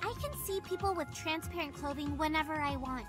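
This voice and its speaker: Woman voicing a fairy, very high voice, crude, blunt, bossy, video game, music behind. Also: fairly quick, lightly acted. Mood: smug. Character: crude cheeky female fairy love guide.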